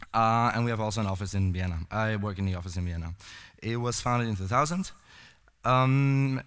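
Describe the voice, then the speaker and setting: A man giving a casual conference talk with a hoarse voice from a cold, rambling with lots of fillers and restarts. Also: lowish voice, a bit bright. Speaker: conference speaker. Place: cinema hall. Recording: reverberant cinema hall.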